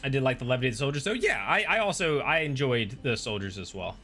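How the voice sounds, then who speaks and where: A man's voice: medium pitch, sing-song, fast, pushed and bright. A man hosting a stream, chatting casually and rambling with many restarts while reading chat aloud. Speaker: streamer and host.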